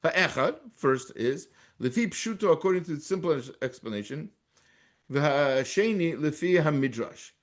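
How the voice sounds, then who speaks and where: A man's voice: a little high, lively intonation, moderate pace. A man with an American accent teaching a Torah class as a rabbi. He reads Hebrew texts aloud and translates them, with frequent restarts.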